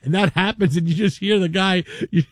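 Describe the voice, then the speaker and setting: A male sports talk host telling a story in casual chat, animated and acting out the voices. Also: high-pitched, fairly quick, no room sound, studio quality. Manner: animated, acts out voices, chuckles.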